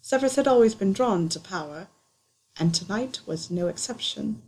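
Audiobook narrator: woman, mid-pitched, breathy and soft, steady reading. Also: normal speed. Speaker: audiobook reader. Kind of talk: scripted narration.

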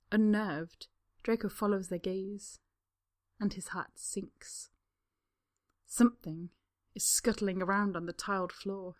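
A woman narrating a fan story as an audiobook, in a soft, unhurried reading voice that at times drops near a whisper. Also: fairly low pitch.

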